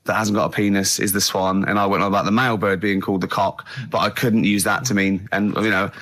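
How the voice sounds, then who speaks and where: A man's voice: lowish voice, little pitch movement, quick pace, fairly bright tone. A man hosting comic radio banter in a studio, teasing and laughing often. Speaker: radio host.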